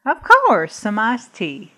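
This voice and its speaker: Actress as a sweet older church lady, lively sing-song voice, syrupy endearments, radio drama. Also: on the high side, slow, full character voice. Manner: sugary, calls the visitor dear and honey. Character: sweet older woman, a doting churchgoing hostess. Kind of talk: audio drama acting.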